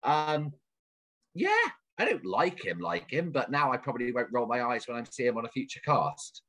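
Male co-host, mid pitch, husky, chatty and self-correcting. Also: animated, normal speed, fairly bright tone. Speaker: podcast co-host. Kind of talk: casual recap chat.

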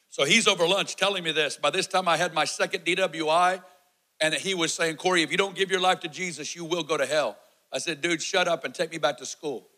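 A man in his forties preaching a sermon testimony, telling his story with animated energy and acting out the shouts and quotes. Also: on the high side, low-quality recording.

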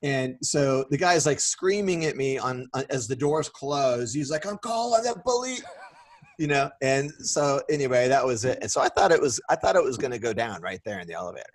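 A husky middle-aged man tells a story on a casual podcast. He talks in an animated way and slips into the voices of the people he quotes. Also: mid-range voice, brisk, few pauses. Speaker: podcast co-host.

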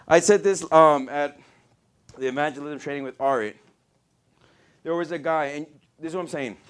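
Guy preaching a sermon, high voice, passionate, acts out quotes in his stories. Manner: passionate, storytelling with acted-out quotes.

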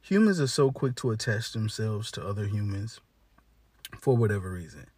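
A man's voice: fairly low pitch, lively intonation, normal speed, darkish tone, husky, no echo. A man ranting in a casual, blunt monologue, cursing heavily and talking in slang, with lots of restarts. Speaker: monologue speaker. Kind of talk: profane casual rant.

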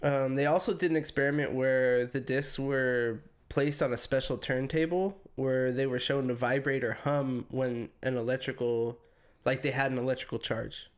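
Man, podcast co-host, casual chat, swears, middle pitch. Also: steady tone. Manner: loose storytelling, swearing, putting on quick voices.

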